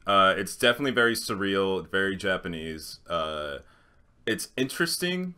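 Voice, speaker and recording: Young man, bright tense voice, lowish pitch, animated, swearing, casual podcast chat. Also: normal speed, smooth. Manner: animated, swearing, trailing restarts. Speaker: podcast co-host.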